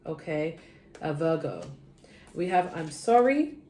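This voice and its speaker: A woman's voice: lively intonation, takes it slowly, warm tone, roomy sound, a little hiss or hum. Tired, chatty woman reading tarot. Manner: chatty, tired, drifting between low murmurs and bursts of energy. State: sleepy. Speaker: tarot reader.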